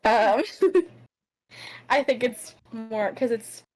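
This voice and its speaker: Lively young woman leading a chat. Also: a little high, very slow, low-quality recording. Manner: easygoing, laughs often, guides the talk. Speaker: podcast co-host. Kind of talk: casual chat.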